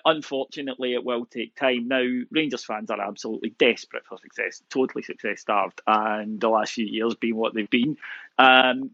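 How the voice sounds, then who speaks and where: A man speaking as a guest on a football podcast, measured and reasoned, getting animated at times. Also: mid-range voice, no echo, dull audio. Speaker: podcast guest, fan pundit. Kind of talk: casual sports podcast chat.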